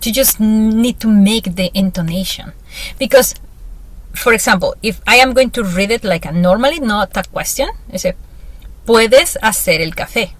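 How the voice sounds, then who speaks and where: A woman's voice: mid-range voice, moderate pace, no echo. Woman teaching a student one on one, patient and upbeat, walks through grammar. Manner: patient, encouraging, explains step by step. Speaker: Spanish teacher. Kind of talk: one-on-one language lesson.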